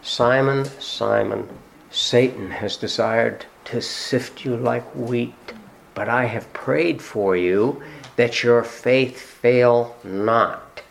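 A man preaching, voicing an exasperated adult male teacher who rebukes his followers with loud, rising questions. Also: mid-range voice, extremely slow, vocal fry, slight background noise, low-quality recording. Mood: solemn, slow.

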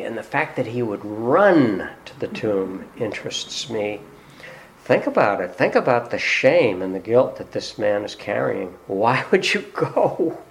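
A man preaching a sermon in a conversational way. He puts rhetorical questions to his congregation and often fills pauses with "uh.". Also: mid-range voice. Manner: frequent "uh" fillers. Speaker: pastor.

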